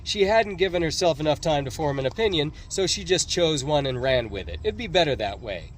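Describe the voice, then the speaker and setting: A man narrating an audiobook in a measured, expressive reading. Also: on the high side, slight background noise. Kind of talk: scripted narration.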